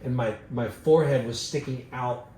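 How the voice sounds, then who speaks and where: A man telling a wild story in a casual, animated and profane way, acting out the other people's voices. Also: mid-range voice, moderate pace, slight background noise. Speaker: podcast co-host telling a story. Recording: echoey room.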